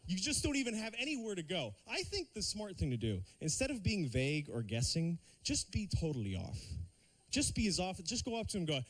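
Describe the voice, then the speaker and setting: A man doing a stand-up routine on a TV studio stage, lively and slipping into silly put-on voices. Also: high-pitched, fairly quick. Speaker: stand-up comedian.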